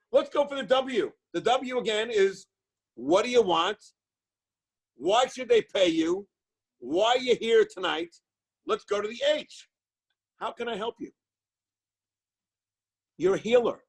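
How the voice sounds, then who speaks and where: A man in his sixties delivers a fiery motivational talk to fellow chiropractors. His voice sits high for a man, and he drives each point home with repetition and preachy fervor. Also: slightly rough, rough recording. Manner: fiery, preachy, repeats words for emphasis. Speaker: chiropractic coach; live show guest speaker. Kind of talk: impassioned motivational speech.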